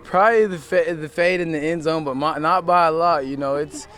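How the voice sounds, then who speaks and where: Teen football player, loose rambling talk. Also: male voice, a little high, fairly quick. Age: teens. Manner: relaxed, rambling, many fillers. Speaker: high school football player. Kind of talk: casual interview. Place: outdoors at a football field.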